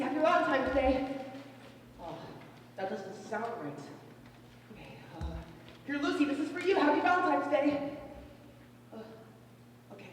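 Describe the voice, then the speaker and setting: A woman's voice: sits high, a little hiss or hum. A woman playing an anxious, clumsy, hopeful boy in a stage musical, singing and talking in a nervous, earnest way. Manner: nervous, self-doubting, earnest. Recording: echoey hall from far off, with music.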